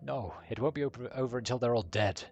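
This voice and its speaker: A man's voice: mid-range voice, fast talker, close to an everyday voice. A man reading a frightened rich daughter. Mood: fearful. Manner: anxious, accusing. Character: frightened young woman, a rich man's daughter.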